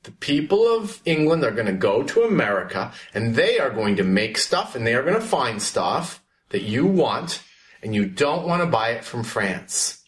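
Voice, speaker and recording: A man's voice: mid-range voice, very animated, normal speed. A man teaching a class, asking questions and calling on students by name. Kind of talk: classroom history lesson.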